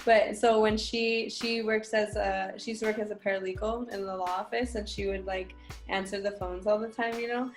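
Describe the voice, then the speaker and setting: A woman's voice: medium pitch, steady tone, moderate pace, soft background music. A young woman co-hosting a podcast, telling stories casually and laughing often. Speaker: podcast co-host. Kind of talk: casual storytelling chat.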